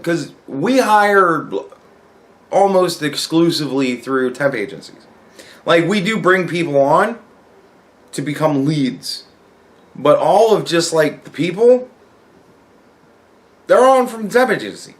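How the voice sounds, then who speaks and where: A man's voice: on the high side, animated, slow, long pauses. A young man telling a work story in a casual, profane rant, acting out the dialogue. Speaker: vlogger.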